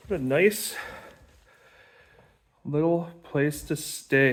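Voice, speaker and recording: A man's voice: on the high side, steady tone, slow pace, long pauses, no echo. A man talking casually to the camera while hiking outdoors, a bit out of breath and chatty about his trip. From Wisconsin. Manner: chatty, talking while walking and pulling a cart. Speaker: outdoors vlogger. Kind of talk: casual walk-and-talk vlog. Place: outdoors in the woods and at a riverbank.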